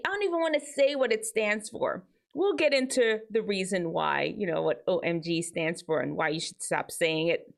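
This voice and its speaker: Woman host, teen advice talk, very expressive swoopy pitch, chatty. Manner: animated, chatty, jumps between high and low tones. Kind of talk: casual advice talk to teens.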